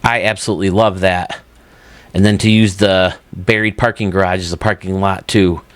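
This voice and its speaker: A man's voice: deep voice, fairly even intonation, moderate pace, dry recording. A man hosting his own channel, chatting casually and enthusiastically while touring video game stadiums, often laughing at himself. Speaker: YouTube host.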